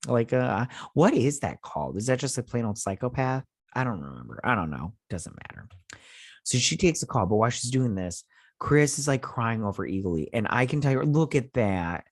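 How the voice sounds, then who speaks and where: A man's voice: medium pitch, big pitch swings, normal speed, no echo, clean studio sound. A man in his thirties hosting a casual show recap, telling the story in a loose, rambling, amused way with many restarts. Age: 30s. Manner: amused, chatty.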